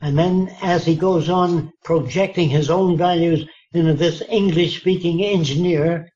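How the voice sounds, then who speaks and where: A man's voice: fairly high pitch, fairly even intonation, a little slow, mellow, lo-fi sound. A man in his nineties telling anecdotes in an interview, acting out quoted dialogue with emphatic asides. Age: 90s. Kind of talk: storytelling in a relaxed interview.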